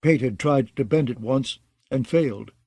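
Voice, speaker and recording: Mellow-voiced male audiobook narrator. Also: mid-range voice, moderate pace, husky, no echo.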